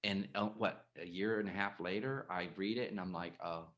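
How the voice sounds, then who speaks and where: A host talking in a casual interview over a video call, halting and repeating words, emotional and animated. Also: low voice, lo-fi sound. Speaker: podcast host and author.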